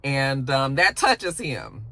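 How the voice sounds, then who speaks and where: A woman's voice: extremely low pitch, takes it slowly, dry recording. A woman recapping a TV episode in a casual, chatty and blunt way, with frequent asides. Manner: chatty, animated, blunt and profane. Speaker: TV recap YouTuber.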